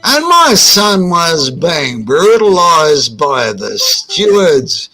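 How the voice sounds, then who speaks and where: High-pitched male podcast co-host, slow, rambling, swears freely. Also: sing-song, pushed and bright, soft background music, low-quality recording. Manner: rambling, profane, acts out quotes. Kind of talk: casual chat, telling a story.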